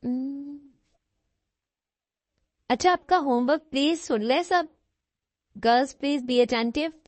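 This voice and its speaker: Lady teacher on an online english class, fairly high voice, dry close sound, keeps flipping into hindi-urdu, lots of okay okay. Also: fast talker, a little mellow, no room sound. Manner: switches between English and Hindi-Urdu mid-sentence; reassuring, repeats okay.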